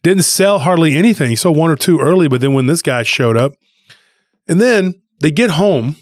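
A man retelling a listener's story on a podcast, animated and rambling, with frequent restarts. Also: on the high side, moderate pace, no echo. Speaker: podcast co-host.

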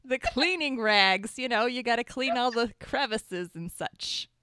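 A woman's voice: on the high side, lively intonation, a little slow, bright, forceful tone, clean tone, dry recording, studio quality. A woman co-hosting a podcast in casual chat, easygoing and chatty, laughing easily. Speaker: podcast co-host.

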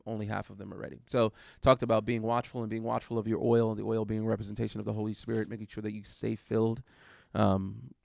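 A guest preacher with a gravelly voice on the low side recounts his sermon in a casual conversation. He thinks it through aloud, restarting often and using many fillers. The recording is studio quality with no echo.

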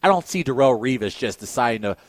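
An emphatic man hosts a sports talk show, reading out news and then riffing with strong opinions. His voice sits at an ordinary middle pitch. The sound is dry and close, with no room around it. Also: animated, quick pace, dry recording. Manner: opinionated, emphatic, reads news items aloud then riffs.

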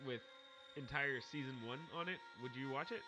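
A man's voice: medium pitch, normal speed, music in the background, low-quality recording. A man co-hosting a podcast in casual comedic banter, laughing often. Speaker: podcast co-host.

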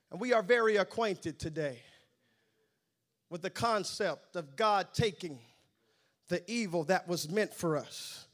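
A man's voice: high-pitched, fairly bright tone. A male preacher delivering a sermon with a rhythmic cadence and call-and-response phrases to the congregation.

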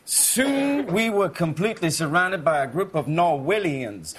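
A swaggering slangy travel buddy. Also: male voice, fairly high pitch, sing-song, a little slow, background noise. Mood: smug. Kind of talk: sketch comedy clip. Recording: live audience laughter.

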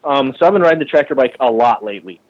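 A man from the Minneapolis area who runs a shop and builds bikes, talking casually and with lots of swearing, often acting out other people's lines in a higher voice. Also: expressive, rapid-fire, dull audio. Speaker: shop owner and bike builder. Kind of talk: casual podcast conversation.

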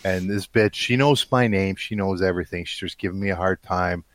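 A man with a deep, low voice tells a story in casual conversation. His manner is blunt and angry, and he swears in nearly every sentence. The sound is dry and close, with no room around it. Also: a little fast, no room sound. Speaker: guest telling a story.

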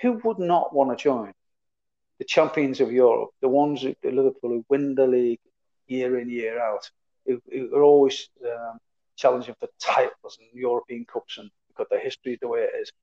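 A former footballer, a man, spins stories in an easy, rambling way, doubling words and letting sentences trail off. His voice sits at an ordinary middle pitch. The audio is slightly muffled and lo-fi. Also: fairly even intonation, moderate pace, warm tone. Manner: chatty, repeats words, trails off. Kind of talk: casual anecdotal storytelling.

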